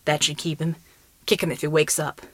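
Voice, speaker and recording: A woman's voice: sits low, flat delivery, brisk, fairly bright tone, no echo, voice pushed down. A woman voicing a blunt, plain-spoken male costumed hero in an audiobook. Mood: gruff.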